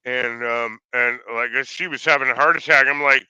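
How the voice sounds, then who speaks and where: Very bright-voiced swearing man. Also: medium pitch, fairly even intonation, moderate pace, clean tone, dry recording, lo-fi sound. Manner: swearing, filler-heavy storyteller. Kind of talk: casual chat.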